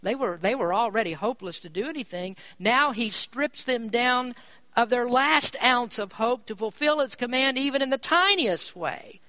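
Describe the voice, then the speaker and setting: A preacher giving a sermon, stressing key points by rising in pitch and volume and slowing down on important words. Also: expressive, pushed and bright, no room sound. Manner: slows down to drive words home.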